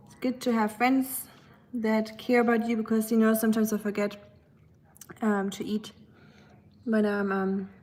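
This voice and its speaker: Relaxed German woman streamer. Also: fairly high pitch, measured pace, long pauses. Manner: relaxed, many ums, switches between English and German. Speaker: livestreamer. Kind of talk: casual livestream chat reading comments.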